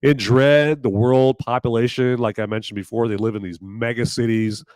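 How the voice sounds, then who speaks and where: A hoarse man hosts a live show, rambling along and cracking jokes. His pitch sits at an ordinary middle height. The sound is dry and close, with no room around it. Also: steady tone, moderate pace, darkish tone, no room sound. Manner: rambling and jokey. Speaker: podcast host. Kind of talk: live casual chat.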